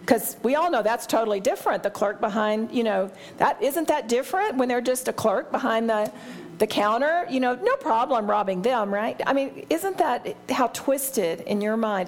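A woman's voice: fairly high pitch, animated, moderate pace. A middle-aged woman teaching a Bible study in a candid, conversational way, often laughing at herself.

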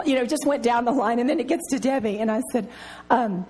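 Woman, middle-aged, Bible study teacher, story-driven and giggly, pitched a bit high. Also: a little fast, darkish tone. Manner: laughs often while telling stories.

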